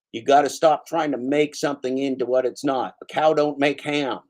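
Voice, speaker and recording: A man's voice: mid-range voice, a little mellow. A man hosting his own channel, delivering a heated, profane rant and calling out a commenter by name. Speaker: channel host. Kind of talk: angry spoken rant.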